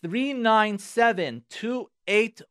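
A man's voice: high-pitched, slow pace, a bit bright, clear, resonant tone, no echo, studio quality. A man, a rabbi and marriage therapist, giving advice on the radio, emphatic and repetitive, with Hebrew and Yiddish words in his talk.

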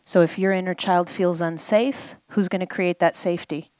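A woman's voice: fairly low pitch, steady tone, moderate pace, a little mellow, no echo. A woman healing coach guiding a participant through an exercise at a live event, coaxing and repeating phrases for the listener to say back. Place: live event before a group.

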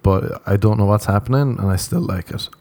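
A comedian with a non-American accent rambles through a self-mocking comic monologue, putting on playful voices for the people he quotes. His voice is lowish, creaky and a little mellow, and he talks briskly.

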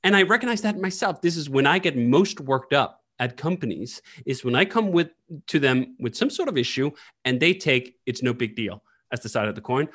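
A man talking as an interview guest in casual conversation, animated and blunt, swearing freely. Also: mid-range voice, normal speed.

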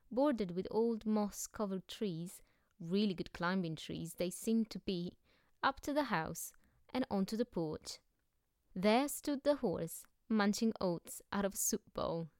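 A woman narrating a children's story as an audiobook reading, gentle and measured. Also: mid-range voice, smooth, dry recording, clean studio sound.

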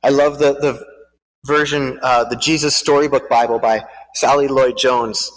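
A man's voice: mid-range voice, fairly even intonation, moderate pace. A man giving a sermon to a congregation. He halts and repeats words while speaking freely, then reads a storybook aloud. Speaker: preacher. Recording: long hall reverb.

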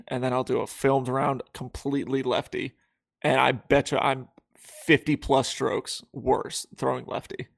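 Gravelly self-deprecating co-host, a man. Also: mid-range voice, dry recording, clean studio sound. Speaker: podcast co-host. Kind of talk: casual podcast chat.

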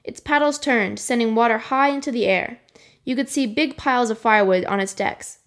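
A woman's voice: fairly high pitch, normal speed. Woman reading a storybook aloud. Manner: lively storytelling, voicing the characters. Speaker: reader. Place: home kitchen by a woodstove.

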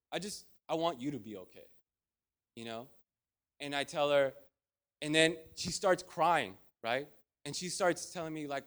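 A man's voice: fairly high pitch, a bit bright. A man preaching in a conversational, storytelling way, full of restarts and asides. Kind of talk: storytelling sermon.

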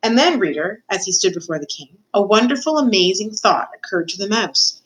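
A woman's voice: medium pitch, animated, brisk, hardly any pauses, rough recording. A woman reading a children's novel aloud, as a student reading to an audience. She reads carefully and steadily, tripping over a word now and then. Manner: careful reading with occasional stumbles. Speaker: student reader.

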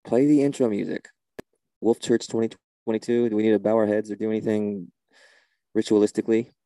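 A man's voice: fairly low pitch, steady tone, a little fast, warm tone, no room sound. A man in a comedy sketch, talking in an exasperated, incredulous way.

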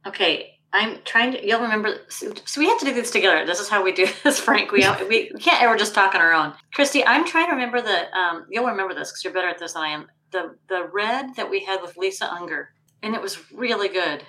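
A woman's voice: medium pitch, animated, fast, sharp tone, slight background noise, rough recording. A woman co-hosting a podcast in casual chat, talkative and full of fillers like "um" and "like". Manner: chatty, lots of fillers like "um" and "like". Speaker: podcast co-host.

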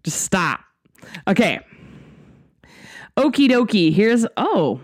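A woman from Minnesota co-hosting a relaxed podcast and reading stories aloud at an unhurried pace. Her pitch swings widely as she jokes and laughs her way through the news. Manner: jokey, laughs often, slow deliberate reading. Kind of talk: casual chat.

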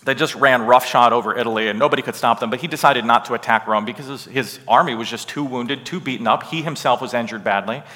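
A man teaching a Bible lesson with slides, emphatic and animated, often checking in with a rhetorical "right?". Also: mid-range voice, fast talker, few pauses, in a large hall. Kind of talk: lecture with slides.

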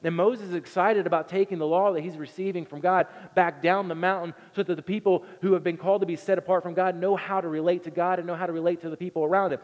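A man preaching a sermon, telling the story with earnest energy and swinging from loud to hushed. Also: high voice, fairly even intonation, fast talker, few pauses, highs cut off. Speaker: pastor. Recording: long reverb in a large hall.

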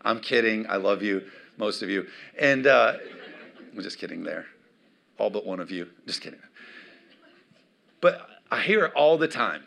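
A middle-aged man preaching a sermon as pastor, with emphatic swings between loud declarations and quiet asides. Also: lowish voice, expressive, a little slow, gravelly, pauses often.

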